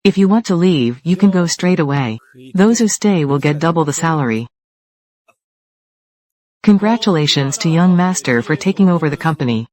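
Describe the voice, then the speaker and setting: A single dub artist covers multiple characters, all corporate rivals battling for control of a company through short, confrontational threats. Their natural, medium-pitched voice is animated and somewhat dark, moving at a moderate pace.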